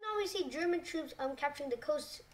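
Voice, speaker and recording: A woman narrating a map scenario in a casual, hesitant way, often pausing on "like" and correcting herself. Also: high-pitched, animated, recorded from a distance, a little hiss or hum. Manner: hesitant, full of "like" and self-corrections.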